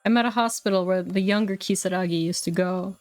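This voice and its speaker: A woman voicing a businesslike police commissioner in a game, giving orders in a brisk way. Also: on the low side, steady tone, a little mellow, dry recording, faint music behind, close to an everyday voice. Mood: briefing.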